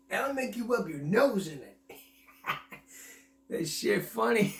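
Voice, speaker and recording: A man's voice: a little high, vocal fry. A man hosting a casual video commentary show, laughing constantly as he talks. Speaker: host. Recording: roomy echo.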